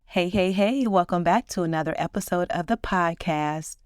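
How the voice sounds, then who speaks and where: A woman in her forties hosts a casual solo podcast, warmly and upbeatly reflecting on her own life through stories. Her pitch is fairly low, her pace moderate with hardly any pauses, and the recording is dry and studio quality.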